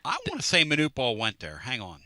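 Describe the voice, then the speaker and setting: A man's voice: medium pitch, wildly swooping pitch, a little fast, bright, forceful tone, dry recording. A man hosting a sports talk radio show, teasing his co-hosts and rambling through stories in a casual way. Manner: brash, rambling, teasing storyteller. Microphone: studio microphone.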